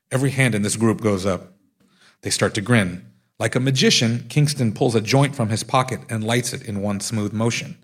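A man's voice: fairly low pitch, normal speed. A man, an author, reading his own nonfiction aloud in a dry, wry storytelling way.

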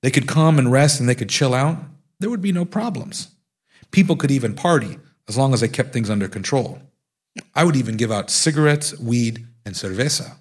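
A man's voice: medium pitch, lively intonation, brisk, husky. A man voicing a brash, swaggering big young tough guy who talks in cocky street slang. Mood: musing.

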